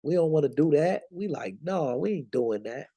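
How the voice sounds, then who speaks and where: A man's voice: a little high, animated, moderate pace, warm tone, breathy edge. A young man teaching scripture in a casual, slangy, emphatic way, from the United States. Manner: conversational, preachy, slangy and emphatic. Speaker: Bible teacher.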